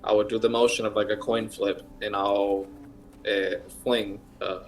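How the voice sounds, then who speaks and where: A man's voice: fairly low pitch, flat delivery, a little slow, low-quality recording. A man playing a tabletop game, describing his moves hesitantly with restarts. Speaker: player.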